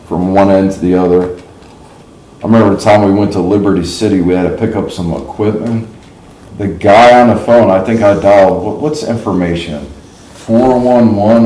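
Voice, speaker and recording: Hosting a livestream, a middle-aged man from the New York / New Jersey area spins rambling, casual stories. His voice sits low and a little mellow, the room echoes, and he keeps the tone chatty and folksy, laughing at his own tales.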